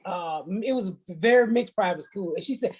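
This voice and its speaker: A woman's voice: medium pitch, lively intonation, fairly quick, a little mellow, breathy edge, rough recording. A woman hosting a podcast, telling blunt, profane comic stories in casual chat and laughing through them. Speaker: podcast host. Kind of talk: casual comedic storytelling.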